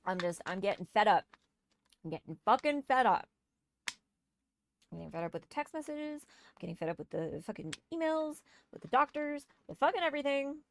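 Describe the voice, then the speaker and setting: A woman's voice: fairly high pitch, big pitch swings, a little fast, slight background noise. A woman streamer telling a storytime rant, exasperated and swearing as she mocks a neighbor.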